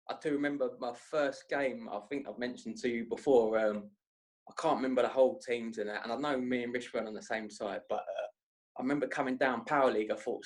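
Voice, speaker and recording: Chatty young man telling stories. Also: medium pitch. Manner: rambling, animated, slangy storyteller. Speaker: podcast guest. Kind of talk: casual storytelling chat.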